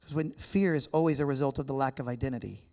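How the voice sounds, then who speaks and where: A man's voice: medium pitch, quick pace, a little mellow. A man from the United States giving a casual, joking talk to a church audience and chatting with people in the room. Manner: chatty, joking, interacts with the crowd. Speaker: guest speaker. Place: church hall with a live audience.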